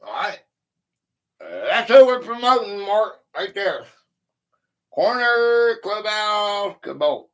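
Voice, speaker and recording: Man, livestream host, high voice, unhurried, chatty. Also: big pitch swings, a bit bright. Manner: chatty, greets viewers by name, thinks aloud. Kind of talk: casual livestream chat.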